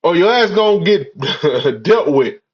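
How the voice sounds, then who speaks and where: A man's voice: a little high, very animated, takes it slowly. A man in a rambling, profane, preachy monologue, full of "you know" and "man" fillers. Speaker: religious commentator. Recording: dull lo-fi audio.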